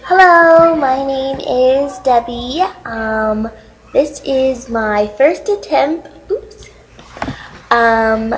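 A woman's voice: sits high, drawn-out words, a little hiss or hum, rough recording. A young woman recording a dating profile video, tearful and overwrought, laughing and crying as she talks. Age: young adult. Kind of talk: comedic dating video monologue.

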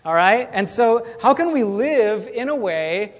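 A pastor with a high-pitched voice delivers a relaxed, conversational sermon, often repeating a point and checking in with the room. His voice carries a long reverb from the church hall. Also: unhurried. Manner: conversational, repeats key lines, frequent "okay?" and "all right?". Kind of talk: casual sermon.

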